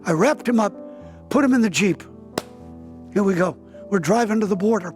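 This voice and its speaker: Soft background music plays as a man in his seventies, a pastor, tells a dramatic story during an interview. His high, slightly mellow voice keeps a moderate pace, and he brings the characters to life by acting out their words in a raised voice.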